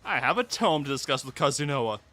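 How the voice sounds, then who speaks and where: A man streaming live, reacting to a game, excitable and breathless from laughing hard, swearing often. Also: mid-range voice, fast. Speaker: VTuber streamer. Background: faint background music.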